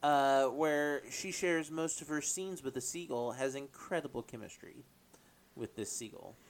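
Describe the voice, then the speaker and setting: A man's voice: medium pitch, measured pace. A man chatting casually as a podcast co-host, laughing often and trailing off with fillers. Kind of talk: casual chat.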